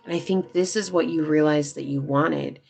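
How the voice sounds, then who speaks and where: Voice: medium pitch, steady tone, moderate pace, vocal fry, darkish tone. A tarot reader giving a casual, chatty reading to viewers, talking loosely with lots of fillers.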